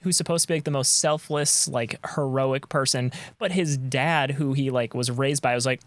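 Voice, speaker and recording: Man co-host, mid-pitched, wry and measured. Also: steady tone, no echo. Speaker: podcast co-host. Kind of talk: casual chat.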